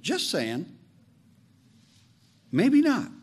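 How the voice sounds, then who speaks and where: Guy pastor giving a sermon, slow deliberate delivery, voice jumps all over, cracks jokes. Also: high-pitched, slightly rough. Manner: animated, joking asides, slow emphatic phrases.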